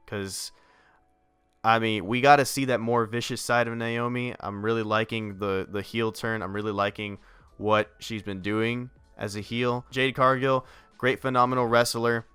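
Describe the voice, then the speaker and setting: A man's voice: medium pitch, pushed and bright, clear, resonant tone, no room sound. A young man casually giving his predictions, rambling and hesitant with many restarts. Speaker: wrestling vlogger.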